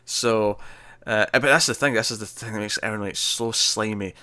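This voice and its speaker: A man's voice: lowish voice, steady tone, moderate pace, bright, forceful tone, clear, resonant tone, dry recording. A man co-hosting a podcast, casually and animatedly retelling a TV episode and acting out what the characters say. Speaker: podcast co-host.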